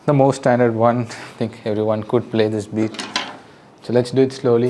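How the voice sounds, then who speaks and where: In this very noisy clip, loud drums and music play behind a drum teacher with an Indian English accent. His medium-pitched voice barely moves in pitch as he counts beats aloud at a moderate pace, giving a casual, patient lesson with friendly step-by-step instructions.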